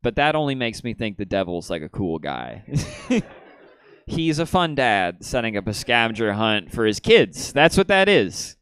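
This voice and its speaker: A man doing a stand-up comedy set on a theater stage, shifting from deadpan storytelling to excited outbursts. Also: lowish voice, moderate pace, clear, resonant tone, no room sound.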